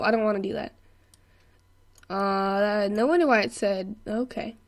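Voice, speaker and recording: A young woman giving excitable gameplay commentary, laughing and yelling at the game as she plays. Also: mid-range voice, slow pace, pauses often. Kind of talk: let's play commentary.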